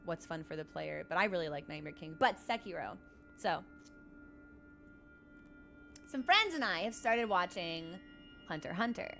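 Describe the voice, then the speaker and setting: A woman streaming a game, chatting casually and telling animated stories full of "like" and quick laughs. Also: mid-range voice. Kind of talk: casual live-stream chat.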